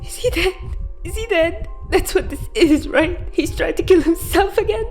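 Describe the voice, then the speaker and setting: A woman voicing a distraught teenage boy who is crying, hoarse and pleading in a podfic reading. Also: very high voice, moderate pace, a little mellow, soft background music, pitched above the performer's own voice. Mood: panicked pleading. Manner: pleading, breaking into whispers.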